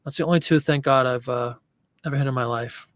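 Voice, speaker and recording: A man's voice: mid-range voice, steady tone, a little fast, no echo, studio quality. A man hosting a casual live stream, chatting loosely and answering viewer comments as he rambles. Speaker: host.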